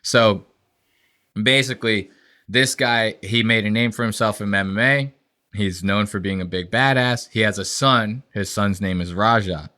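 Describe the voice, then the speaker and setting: Young male podcast co-host, bright voice, casual profane rambler. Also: on the low side, moderate pace. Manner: profane, rambling storytelling with animated impressions.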